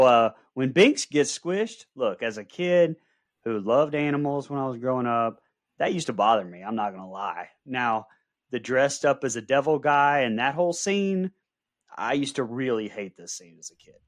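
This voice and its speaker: Male podcast co-host, mid pitch, dry mic, loose and jokey commentary. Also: animated, measured pace, no room sound. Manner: joking, rambling, lots of "um" and asides. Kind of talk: casual film-commentary chat.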